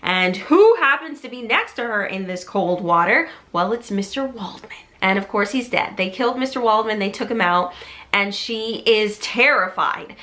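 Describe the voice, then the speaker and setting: Bright-voiced woman retelling a movie. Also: medium pitch, expressive, moderate pace. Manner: chatty, enthusiastic. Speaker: movie storyteller vlogger. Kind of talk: casual plot retelling.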